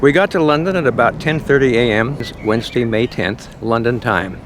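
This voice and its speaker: Over a noisy background, an older man with a mid-range voice recounts his trip at normal speed. It's casual, chatty, self-deprecating travel vlog narration, recorded partly outdoors in a city.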